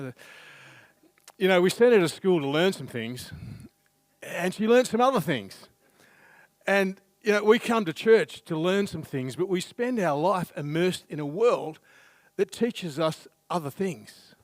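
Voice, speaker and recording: Middle-aged male preacher, slightly high voice, dry close sound, casual storytelling sermon. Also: huge pitch swings, a little slow, long pauses, no echo. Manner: chatty, self-deprecating storyteller. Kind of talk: sermon with humorous anecdote. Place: church.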